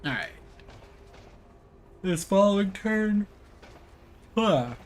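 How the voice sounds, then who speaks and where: A man's voice: high voice, expressive, very slow. Rambling young man playing a game. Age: young adult. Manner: rambling, lots of fillers and slang. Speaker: gameplay streamer. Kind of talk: casual gameplay commentary.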